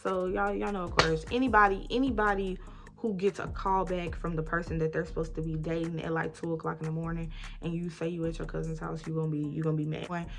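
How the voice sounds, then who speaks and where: A woman's voice: sits low, quick pace, vocal fry, faint music behind. A woman in her twenties telling an emphatic, casual storytime while getting ready, acting out both sides of an argument. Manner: animated, emphatic storytelling, often addressing listeners as y'all; acts out both sides of arguments, rising loud when retelling fights. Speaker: vlogger.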